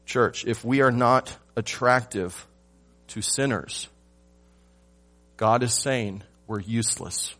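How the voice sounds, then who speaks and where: A man preaching a sermon to his church, asking rhetorical questions and swinging from loud emphasis to hushed lines. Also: medium pitch, slow, pauses often, soft background music. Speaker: pastor.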